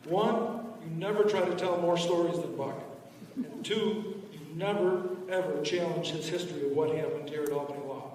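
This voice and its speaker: Higher-voiced man giving a tribute. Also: a little mellow, a little hiss or hum. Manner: plain, good-humoured storytelling. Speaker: attorney, speaker at a celebration. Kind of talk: anecdotal tribute speech. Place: large event hall. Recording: echoey hall, distant mic.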